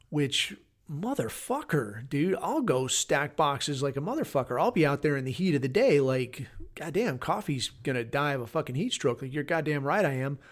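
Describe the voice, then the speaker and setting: A middle-aged man hosting a podcast, rambling through a casual, blunt and heavily profane rant. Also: medium pitch. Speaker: podcast host.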